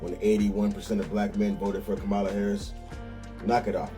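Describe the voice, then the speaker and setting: A man's voice: lowish voice, flat delivery, brisk, dark tone, faint music behind. A man hosting a casual reaction video, commenting in a laid-back, dismissive way with chuckling asides. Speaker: host reacting to clips.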